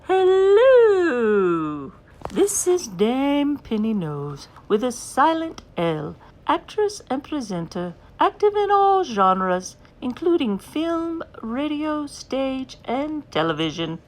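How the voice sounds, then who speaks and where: Brief: haughty British theatre dame, slow and sweeping, played by a woman. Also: sits high, very animated, exaggerated voice, rough recording. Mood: grandiose. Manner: grandiose, self-important, theatrical declaiming. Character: pompous vain British stage dame, middle-aged woman. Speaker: guest host.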